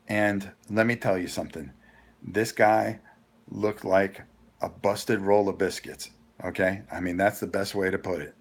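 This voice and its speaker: A man hosting a casual live vlog, telling a rambling, animated story with frequent restarts. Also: fairly low pitch, a little slow. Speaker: host.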